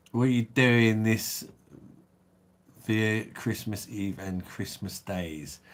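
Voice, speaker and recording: Man, South East London accent, deep voice, livestream host, laid-back banter, reads out viewer comments. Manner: laid-back blokey banter with swearing and chuckles. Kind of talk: casual livestream chat reading viewer comments.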